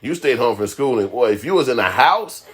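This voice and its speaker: Man, comedy host, profane storytelling, rambling, animated, very lively pitch. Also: fairly quick, husky. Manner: rambling, animated, swinging from loud to mumbling.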